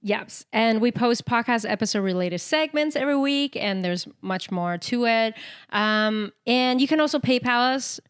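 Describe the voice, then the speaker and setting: A woman's voice: fairly high pitch, moderate pace, clear, resonant tone. A young woman co-hosting a casual podcast chat, teasing her friend and laughing often. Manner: giggly, teasing, frequent laughter. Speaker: podcast co-host.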